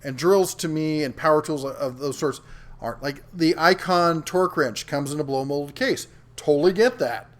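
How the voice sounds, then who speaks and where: A middle-aged man hosts a casual livestream, his voice sitting a little high for a man. He chats loosely, stopping to read viewer comments aloud, often filling gaps with ums and restarts. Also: moderate pace. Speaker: host of a live tool show reading chat.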